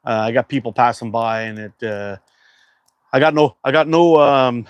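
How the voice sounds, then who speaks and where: A man's voice: medium pitch, normal speed, clear, resonant tone, no room sound, dull audio. A man from Canada hosting a casual livestream, chatting and reading viewer comments aloud in a loose, rambling way. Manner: laid-back, rambling with fillers. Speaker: livestream host.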